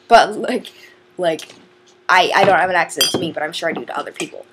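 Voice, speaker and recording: A woman's voice: lowish voice, a little fast, background noise. A woman vlogger chatting casually through a question challenge, giggly and rambling, often stopping to restart her sentences. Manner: chatty, giggly, self-interrupting.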